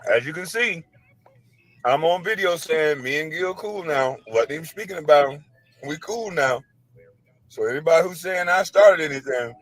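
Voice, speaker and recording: A man calmly explaining his side, blunt, matter-of-fact and frustrated. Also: on the high side, no echo, poor audio. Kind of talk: casual self-defending explanation.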